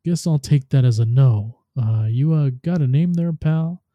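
A man voicing a scheming male robotic ghost who talks smoothly when bargaining and gets nervous when cornered. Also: medium pitch, unhurried, mellow, dry recording, close to an everyday voice.

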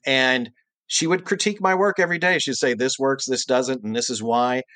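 Middle-aged guy spinning a story on a podcast, lively, goes squeaky for quotes, dry close sound. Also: normal speed, no room sound. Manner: animated, jumps into high exaggerated voices when quoting people. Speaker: guest voice actor and cartoonist. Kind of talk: storytelling anecdote in podcast interview.

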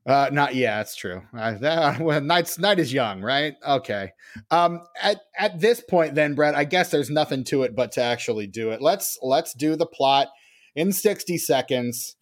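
A man's voice: mid-range voice, expressive, measured pace. Rambling joking podcast guy. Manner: joking, rambling with many fillers. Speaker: podcast co-host. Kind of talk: casual chat.

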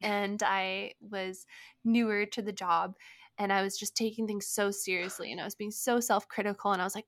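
Woman podcast co-host, slight gravel, chatty storyteller, lots of "like". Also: fairly high pitch, normal speed. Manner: animated storytelling, many "like" fillers. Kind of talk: casual conversation.

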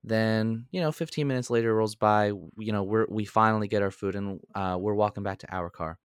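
A young man and podcast co-host telling a story in a casual, animated way. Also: brisk, clear, resonant tone, no room sound, studio quality. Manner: animated storyteller, jumps into high voices when quoting.

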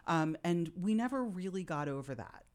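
A woman's voice: fairly low pitch, lively intonation, normal speed, a little mellow. A woman in her forties, a podcast guest, telling personal childhood stories in a heartfelt, reflective way. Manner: heartfelt, reflective, openly emotional at times. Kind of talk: candid interview storytelling.

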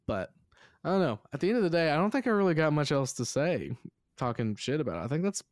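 A man's voice: a little high, sing-song, fast, no echo, clean studio sound. A man hosting a casual movie review podcast, rambling and filler-heavy, swearing now and then. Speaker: podcast host.

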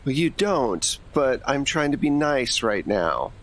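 A man's voice: mid-range voice, big pitch swings, unhurried, a bit bright, voice pushed up. A man playing a stern undercover detective with a put-on American accent, firm and commanding.

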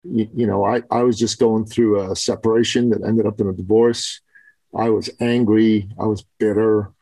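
A man's voice: on the low side, level tone, moderate pace, gravelly, warm tone, dry recording, poor audio. A man telling a personal story in casual podcast chat, growing fervent and preachy. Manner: fervent, builds to preaching intensity.

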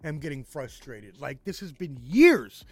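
A man's voice: a little high, sing-song, a little slow. A man co-hosting casual sports talk, an eager fan who asks questions and voices his frustration.

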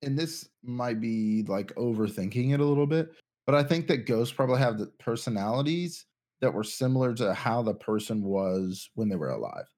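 A man's voice: medium pitch, animated, moderate pace, darkish tone. A young man co-hosting a casual podcast chat, rambling and thinking aloud with lots of restarts. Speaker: podcast co-host.

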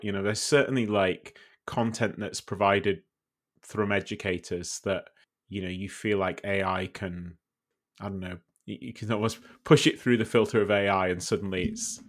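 A man co-hosting a casual podcast discussion who talks hesitantly, with many fillers, and often goes quieter as his thoughts wind down. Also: lowish voice, fairly even intonation, moderate pace. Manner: hesitant, heavy on fillers, fading quieter at phrase ends. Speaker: podcast co-host.

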